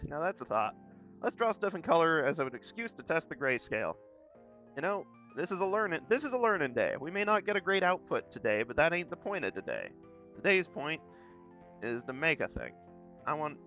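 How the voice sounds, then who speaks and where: Young man, light Southern accent, rambling and folksy, bright tense voice, dull recording with faint guitar music. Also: mid-range voice. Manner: rambling, self-deprecating, folksy. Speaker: art streamer. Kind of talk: casual chat while drawing.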